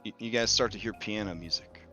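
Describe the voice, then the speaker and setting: A man's voice: lowish voice, a little fast, sharp tone, soft background music. A man game master narrating a tabletop game on stream in a chatty way, full of fillers. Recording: dull lo-fi stream audio.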